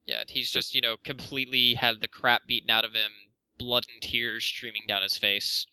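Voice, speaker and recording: A man's voice: mid-range voice, fairly even intonation, normal speed, pushed and bright, smooth, poor audio. A man co-hosting a casual chat, explaining plot details with frequent fillers. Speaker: podcast co-host.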